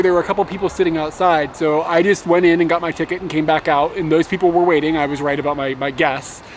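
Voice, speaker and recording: A young man telling a story in a casual travel vlog, animated and swearing, laughing as he rants. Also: sits high, slight background noise. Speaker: motovlogger.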